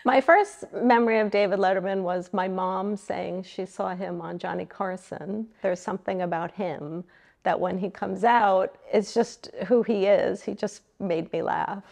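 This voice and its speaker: Middle-aged woman guest from Long Island, gravelly voice, chatty, self-deprecating storyteller. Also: mid-range voice, steady tone, a little slow, a little mellow. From Long Island, New York. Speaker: interview guest. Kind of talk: casual reminiscing interview.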